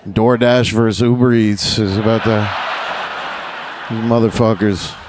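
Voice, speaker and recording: A man's voice: fairly low pitch, fairly even intonation, measured pace, background noise. A man doing a stand-up set, crude and rambling, full of filler words and laughing at his own jokes. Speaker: stand-up comedian.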